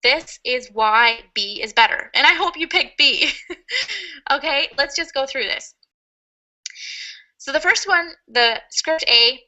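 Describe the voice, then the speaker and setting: Upbeat woman teaching online, chatty, laughs a lot, high bright voice. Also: lively intonation, slow pace, long pauses, low-quality recording. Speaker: online marketing coach. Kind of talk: webinar teaching.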